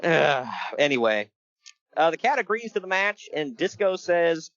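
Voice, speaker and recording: A man's voice: on the high side, measured pace, dry recording, lo-fi sound. A man co-hosting a casual podcast, joking and laughing as he recaps a wrestling show. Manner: joking, animated, laughs often. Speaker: podcast co-host.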